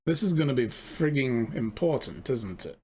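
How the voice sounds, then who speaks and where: A man comments on a video game in a loose, joking way, dropping swear words as he goes. His voice sits in a middle pitch, with game music clearly audible behind him. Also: big pitch swings, moderate pace, darkish tone. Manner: casual, joking, swears freely. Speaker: streamer. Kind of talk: let's play commentary.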